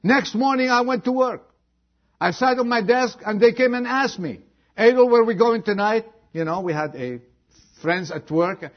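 A man preaching a sermon as pastor, moving from loud exhortation to a hushed prayer. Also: high-pitched, lively intonation, moderate pace, lo-fi sound.

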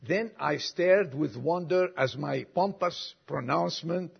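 A man's voice: fairly high pitch, measured pace, creaky, breathy edge. An older man preaching a sermon and reading a long story aloud, with folksy asides to the congregation. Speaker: pastor. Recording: dull lo-fi recording.

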